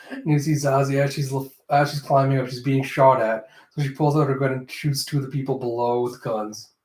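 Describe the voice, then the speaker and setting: A man narrating a comic readthrough in a casual, chatty way, tossing in "like" asides. His voice sits at an ordinary middle pitch, and the room gives it a noticeable echo. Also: steady tone, a little fast, darkish tone. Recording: roomy echo.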